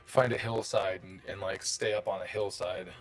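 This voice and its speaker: A man's voice: deep voice, fairly even intonation, moderate pace, over loud music. A man running a tabletop game, describing the scene in a rambling, casual way with lots of fillers. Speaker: game master.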